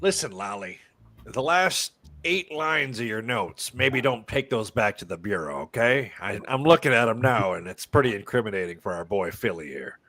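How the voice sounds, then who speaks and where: A man's voice: on the low side, animated, normal speed, sharp tone, no echo. A man playing a tabletop game in character, wry and easygoing with a joking manner. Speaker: player. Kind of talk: in-character tabletop role-play.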